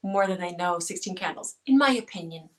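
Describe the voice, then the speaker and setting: A woman co-hosting a casual live-stream chat, chatty and quick to laugh. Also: fairly low pitch, expressive.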